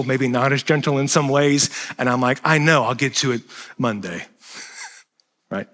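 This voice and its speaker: Animated male pastor in a reverberant hall. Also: medium pitch. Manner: animated, self-deprecating, swings loud and soft. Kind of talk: sermon. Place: church sanctuary.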